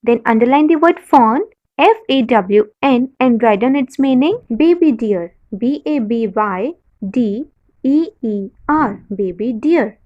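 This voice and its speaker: Slow, deliberate Indian English woman teacher. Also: sits high, dull audio. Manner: spells words letter by letter, slow and deliberate. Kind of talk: classroom lesson, reading a passage and spelling words.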